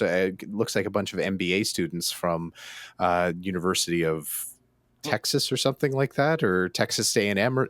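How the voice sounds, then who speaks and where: A Canadian man with a fairly low voice talks through gaming news in a loose, halting way, circling back and restarting his sentences. The sound is dry and close, with no room echo. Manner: hesitant, many restarts and fillers. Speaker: podcast co-host. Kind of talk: casual chat.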